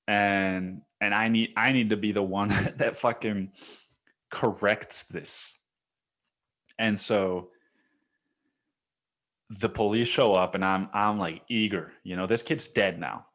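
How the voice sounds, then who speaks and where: A man's voice: lowish voice, steady tone, a little slow, a bit bright. A young man hosting a solo podcast, telling a story in a rambling, profane way with many restarts. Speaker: podcast host.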